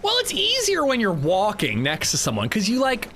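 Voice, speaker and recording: Animated man telling a story on stream. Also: high voice, moderate pace, a little hiss or hum. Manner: animated storytelling, laughing, reading chat aloud. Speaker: livestreamer. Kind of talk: casual streaming chat.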